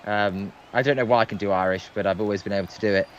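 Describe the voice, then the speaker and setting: A man's voice: on the low side, steady tone, racing, muffled recording, a little hiss or hum. A man calling baseball play-by-play on a livestream, hesitant and full of filler ums. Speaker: guest play-by-play commentator.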